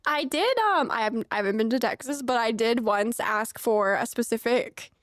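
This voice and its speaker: A woman's voice: fairly high pitch, animated, normal speed, a bit bright, no room sound. A young woman streaming a game, chatting casually with rambling asides and frequent laughter. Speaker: streamer playing a farming game. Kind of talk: casual let's-play chat.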